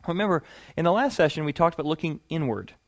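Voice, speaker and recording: A man teaching a sermon-style session, telling stories with lively animation that builds to loud punchlines. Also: on the high side, fast talker, dry recording. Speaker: preacher teaching a series.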